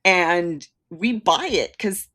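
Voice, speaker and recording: A woman's voice: fairly low pitch, takes it slowly, fairly bright tone. A woman co-hosting a casual TV recap podcast, chatting with laughter and dramatic quote readings. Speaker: podcast co-host.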